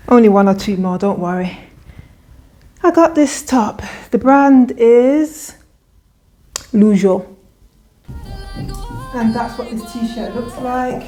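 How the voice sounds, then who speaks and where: A woman's voice: a little high, a little mellow. A woman vlogger talking casually and enthusiastically through a clothing try-on haul, often restarting her sentences. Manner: chatty, enthusiastic, with frequent restarts.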